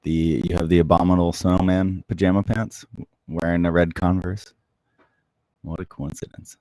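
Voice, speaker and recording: A man hosting a casual livestream, chatting softly and closely into the microphone as he answers viewer comments. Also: sits low, flat delivery, normal speed, dry recording. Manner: soft-spoken, close to the mic. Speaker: livestream host.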